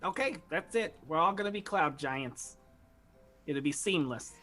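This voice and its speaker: A man's voice: a little high, expressive, a little slow, bright, forceful tone, soft background music, pitched above the performer's own voice, exaggerated voice. A man voicing a chatty, enthusiastic rival adventurer with a raised voice. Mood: eager.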